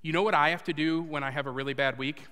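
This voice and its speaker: A man preaching a sermon and telling a personal story, earnest, moving between loud urging and hushed confession. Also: fairly high pitch, fairly even intonation, fast talker, clear, resonant tone. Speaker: pastor. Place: church sanctuary before a congregation. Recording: long hall reverb.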